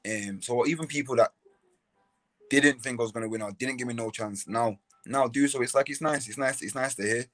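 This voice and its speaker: A man in his twenties or so talks through an interview in a steady middle voice, looping back over words and apologising for slips. The sound is dry and close, with no room around it. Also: mid-range voice, brisk, no echo. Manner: repeats words and restarts often, says sorry for slips. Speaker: professional boxer, guest. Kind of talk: casual interview talk.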